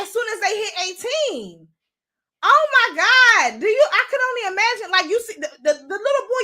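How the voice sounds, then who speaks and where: A young woman hosts a casual commentary segment, giving blunt, animated opinions. Her voice sits very high and sounds bright and sharp, and she swears freely and breaks into laughter often. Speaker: show host.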